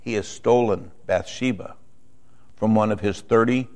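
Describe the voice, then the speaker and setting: A man preaching a sermon in a conversational way, often checking in with the room and moving between quiet explanation and emphatic points. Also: lowish voice, measured pace. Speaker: pastor.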